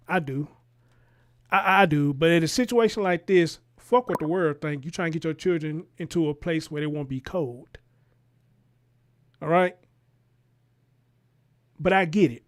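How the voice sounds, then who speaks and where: Man, high and heated. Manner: animated, profane, fires rhetorical questions. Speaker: commentary show host. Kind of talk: reacting to a news clip.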